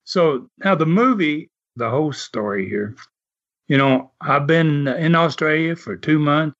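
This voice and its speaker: A man's voice: fairly high pitch, expressive, a little slow, a bit bright. An older man from the American South with a Southern drawl, telling stories casually with chuckles and many "uh" fillers. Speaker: former wrestler telling stories. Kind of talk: casual storytelling. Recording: dull lo-fi audio.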